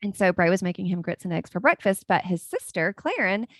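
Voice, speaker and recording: A woman's voice: lowish voice, sing-song, brisk, no room sound, studio quality. A woman, chatting casually as a podcast host and telling family stories with frequent laughter. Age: 40s. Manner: chatty and storytelling, laughing often. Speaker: podcast host, life coach. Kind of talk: casual solo podcast chat.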